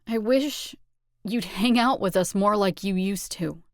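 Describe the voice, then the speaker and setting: Brief: hurt, tearful teen girl, as a woman reads her, slow and wounded. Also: medium pitch, dry recording, studio quality, close to an everyday voice. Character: hurt teenage girl, best friend, tearful.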